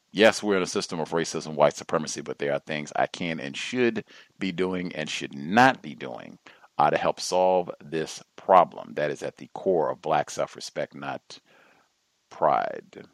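A man with a low, deep voice hosts a call-in radio show. He talks at a measured pace, filling gaps with pauses and drawn-out "uh"s. The sound is dry and close, with no room around it. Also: no echo. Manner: measured, trailing off with frequent "uh"s. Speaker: host.

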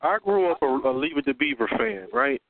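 A man's voice: high voice, animated, a little fast, vocal fry, no echo. An older man calling in, making his points in a preachy, emphatic way. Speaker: caller. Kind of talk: impassioned phone-in commentary. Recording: dry, tinny phone line.

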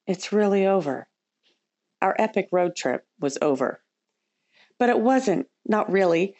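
A woman's voice: medium pitch, darkish tone. Upbeat woman hosting a travel podcast. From United States. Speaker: podcast host. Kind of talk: scripted travel podcast narration.

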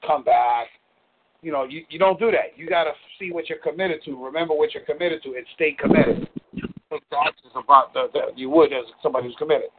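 A man giving blunt relationship advice on a call-in show, preachy and repeating words for emphasis. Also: on the high side. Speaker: relationship coach. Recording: tinny phone-line sound.

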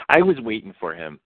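Lively low-voiced man, tinny phone line. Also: no echo. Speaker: podcast co-host. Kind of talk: casual sports chat.

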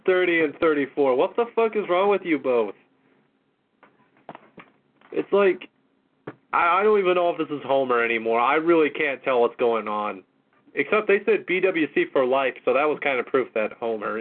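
A man's voice: on the high side, expressive, moderate pace. A man hosting a casual call-in show, exasperated and mocking, swearing often. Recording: tinny phone-line audio.

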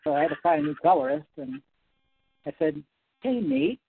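A man, a comic book writer, talking as a guest in a casual interview, animated and rambling. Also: a little high, brisk, creaky, noisy background. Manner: animated, rambling, self-correcting. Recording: dry, tinny phone-like sound.

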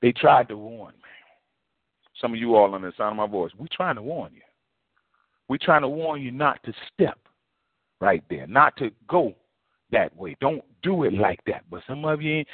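Animated preacher man on tinny line. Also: medium pitch, moderate pace, long pauses, slightly rough, dry recording. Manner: animated, folksy, quotes others in lively voices. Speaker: preacher addressed as apostle. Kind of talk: storytelling sermon. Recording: tinny phone-like dry sound.

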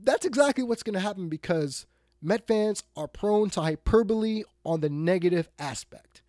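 A man ranting on his own sports talk show, blunt and exasperated, jumping from shouted demands to low muttered asides. His voice sits on the higher side for a man. The mic is close and dry, with no room sound. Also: lively intonation, moderate pace, no echo. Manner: blunt, exasperated, swings between loud outbursts and muttered asides. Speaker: sports talk radio host.

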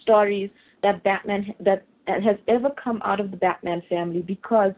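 Excited woman gushing on a podcast, thin phone-line sound. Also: medium pitch, moderate pace. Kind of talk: casual chat.

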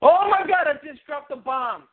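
A man coaching on a phone call, animated and rambling, acting out little scenes. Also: extremely high pitch, normal speed. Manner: animated, rambling, acts out quotes. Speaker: relationship coach. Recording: tinny phone line.

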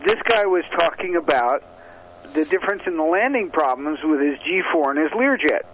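A man who is a guest on a radio show, telling stories in a measured way. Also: a little high, expressive, noisy background.

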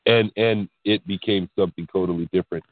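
A man, a podcast guest, telling the story of his spiritual experiences in an excitable, animated way, often restarting his sentences. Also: low-pitched, fast, no echo. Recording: dry tinny phone-line sound.

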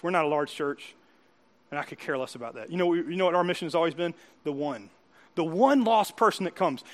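A man preaching a sermon as pastor, asking his listeners questions again and again and swinging from loud, emphatic peaks to soft, quiet asides. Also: fairly high pitch.

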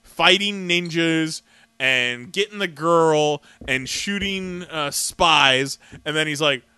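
Bright, lively podcast co-host man. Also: fairly high pitch, slow pace, smooth, no echo. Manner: animated, laughing, swearing freely. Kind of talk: casual chat.

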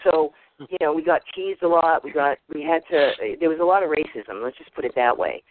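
A woman in her fifties with a Boston accent introduces herself on a group call. She is an animated storyteller who acts out the voices in her stories. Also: low voice, fairly quick, a little hiss or hum. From Boston area, USA. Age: 50s. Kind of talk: casual personal introduction. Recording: tinny phone line, dry.

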